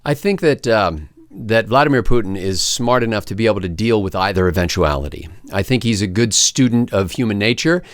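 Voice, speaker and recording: A man as a panelist on a political talk show, reasoning aloud in a measured way. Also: lowish voice, lively intonation, no echo, clean studio sound. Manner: measured, thinks aloud with fillers.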